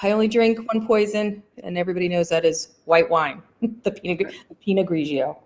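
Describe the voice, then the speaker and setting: A woman author being interviewed over a video call, telling stories about her school days with quick laughs and self-deprecating asides. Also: on the low side, fairly even intonation, a little mellow. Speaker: guest author. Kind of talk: casual video chat interview.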